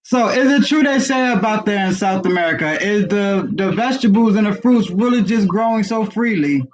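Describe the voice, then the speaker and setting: A man hosting a live reading stream, friendly and giving shout-outs and blessings to callers. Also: high voice, animated, normal speed, lo-fi sound.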